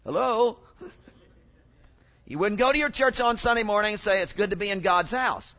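A man preaching a sermon in an animated way, often exclaiming and asking the congregation questions. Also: high-pitched, moderate pace, dull audio.

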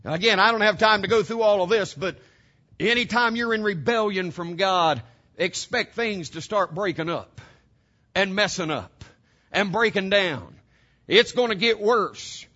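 A man's voice: high-pitched, animated, a little slow, bright, forceful tone, muffled recording. A man preaching a sermon to his congregation, emphatic and direct, throwing out rhetorical questions. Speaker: pastor.

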